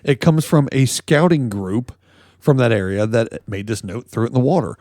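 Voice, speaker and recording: A man's voice: mid-range voice, normal speed, mellow, no room sound. Male podcast co-host, jokey rambling news bits, dry close sound. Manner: joking, rambling storytelling with laughs. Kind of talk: casual comedic news chat.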